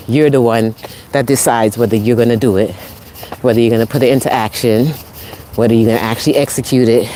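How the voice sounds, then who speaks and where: A woman's voice: rumbling low, dark tone, slight background noise. A woman with a New York accent, originally from the Caribbean, giving an encouraging, chatty motivational talk while live-streaming on a walk, laughing often and calling out to viewers. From Caribbean, raised in New York. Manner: encouraging, upbeat, chatty with frequent laughs and rising exclamations. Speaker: motivational speaker, host. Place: outdoors on a walk near traffic.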